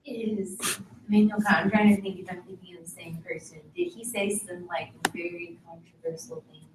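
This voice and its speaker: A woman's voice: mid-range voice, animated, normal speed, low-quality recording. A female student asking a hesitant, half-whispered question in class, heard faintly from across the room.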